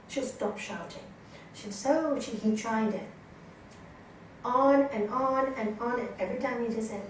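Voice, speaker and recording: A woman's voice: on the high side, moderate pace. A woman yoga teacher giving a training lecture, telling stories and asking her class questions. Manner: lively storytelling, asks the class questions. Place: yoga course room with students. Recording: echoey room, voice from a distance, faint noise.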